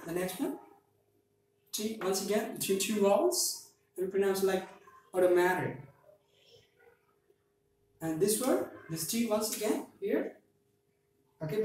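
A woman's voice: medium pitch, a little mellow. Female English trainer, patient repeat-after-me drills, heavy room echo, distant mic. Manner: repetitive, has learners repeat after her. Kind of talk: teaching pronunciation drills. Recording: very echoey room, mic at a distance, faint noise.

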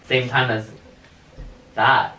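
This young man's medium-pitched voice has a sharp tone, little pitch movement and drawn-out words as he vlogs casually in his bedroom, rambling, swearing and filling gaps with fillers. A hidden camera picks him up from afar in an echoey room, with faint hiss.

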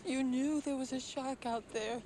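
An actress playing a grieving mother in a film, speaking slowly, quietly and bitterly. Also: high voice, steady tone, noisy background, natural voice. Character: grieving mother confronting the police chief.

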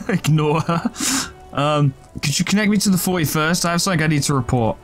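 A man's voice: fairly high pitch, brisk. Joking man playing a game aloud. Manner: joking, laughs often. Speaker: let's play host. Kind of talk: gameplay commentary and reading game text aloud. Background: game music.

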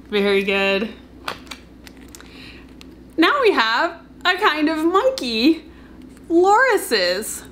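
A woman with a fairly high voice leads a children's storytime, speaking very slowly and gently. Her sing-song delivery keeps inviting little listeners to join in, and a faint hiss sits under the recording. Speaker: children's librarian. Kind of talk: storytime reading for young children. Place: library.

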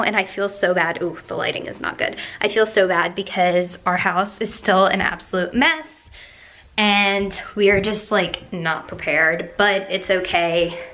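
A woman's voice: fairly bright tone, slight background noise. A young woman in her twenties chatting casually in an upbeat vlog at home, filming herself on a handheld camera. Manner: chatty and upbeat, high sing-song voice for her dogs. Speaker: vlogger. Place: home, indoors.

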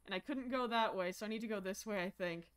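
A young woman streaming horror games, jumpy and profane, swinging from low muttering to sudden shouts. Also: fast, smooth. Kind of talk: live-stream gameplay commentary.

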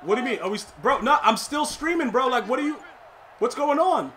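A man streaming a football video game, talking fast and loose in street slang, trash-talking and joking between plays. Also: very high-pitched, crowd noise. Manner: excitable slangy trash talk. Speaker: gaming streamer. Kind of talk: live gameplay commentary.

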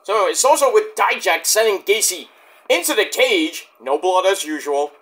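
A man's voice: sits high, expressive, normal speed, fairly bright tone. A man giving a rambling, jokey wrestling review, swearing freely and joking on the side. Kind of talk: casual spoken review.

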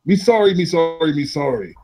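A man's voice: fairly high pitch, animated, a little fast, darkish tone, voice pushed up. A man voicing a dumb male bugbear monster who grovels and babbles broken apologies. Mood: groveling.

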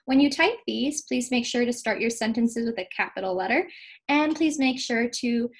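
Patient teacher woman, higher voice. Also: low-quality recording. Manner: patient, clear, slows to stress key words. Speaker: second grade teacher. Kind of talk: recorded classroom lesson.

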